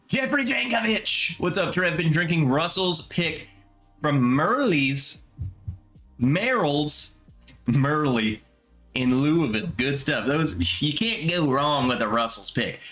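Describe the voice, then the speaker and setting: A young man with a bright, forward voice hosts a laid-back livestream. His pitch swings up and down a lot as he muses and chats easily with viewers. Faint music plays quietly underneath. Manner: relaxed, chatty, drawn-out musing. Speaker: livestream host. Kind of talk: casual live chat reading comments.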